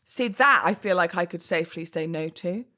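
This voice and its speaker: A woman's voice: lowish voice, lively intonation, moderate pace, pushed and bright. A woman hosting a casual solo podcast, chatty and oversharing, often laughing at herself and going off on asides. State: pregnant, baby kicking. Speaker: podcast host.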